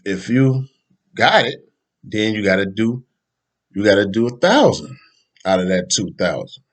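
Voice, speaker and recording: A man hosting a podcast, talking in a loose, rambling, slangy way and laughing often. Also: fairly low pitch. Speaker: podcast host. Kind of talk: casual opinion talk.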